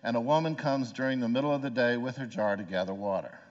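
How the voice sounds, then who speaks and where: A man's voice: medium pitch, quick pace. A man pastor preaching a sermon in a conversational way, often asking the listeners rhetorical questions. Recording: long hall reverb, dull lo-fi sound.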